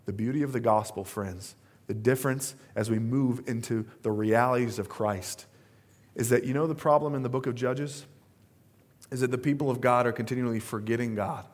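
This thirtysomething pastor speaks at medium pitch and a moderate pace while preaching. He shares stories casually, wandering into asides and leaning on fillers.

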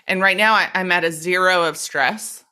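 A woman hosting a frank recovery chat with a bright, forceful voice. She talks in an animated, self-mocking way and swears casually. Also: on the low side, moderate pace. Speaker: podcast host. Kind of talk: candid recovery conversation.

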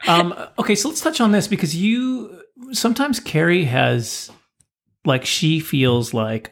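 A man's voice: a little high, expressive, unhurried, creaky. A man, co-hosting a podcast as a stand-up comedian, chatty and apologetic, laughing often. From Canada. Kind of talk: casual podcast chat.

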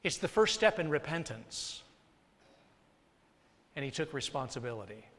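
A man preaching a sermon as pastor, dropping soft and then rising loud. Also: on the high side, big pitch swings, normal speed. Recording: long hall reverb.

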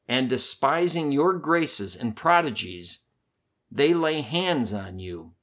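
Slow, devout man reading a prayer. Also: mid-range voice. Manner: slow, lilting and devout, addressing God directly.

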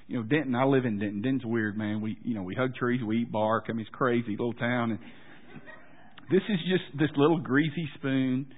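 A male pastor telling a story in a sermon, casual and self-deprecating, with halting restarts. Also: medium pitch, breathy edge. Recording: tinny phone-like sound.

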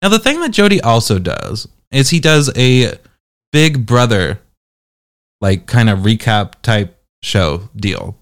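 Teasing man with a lively, bouncy voice. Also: medium pitch, takes it slowly. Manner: sarcastic, teasing, jumpy delivery. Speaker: podcast reviewer host. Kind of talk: casual podcast review chat.

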